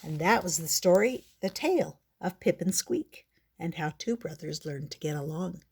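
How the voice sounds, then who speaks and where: An older woman reading a children's picture book aloud in a gentle, measured storybook manner. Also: on the low side, expressive, husky.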